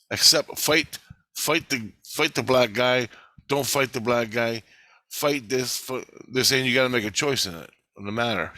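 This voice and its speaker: A man's voice: medium pitch, bright, forceful tone, no echo. A man recounting a dream in an agitated, profane rush, acting out both sides of the argument. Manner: agitated, profane, retelling dialogue in bursts. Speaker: vlogger. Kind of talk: casual recounting of a dream to camera.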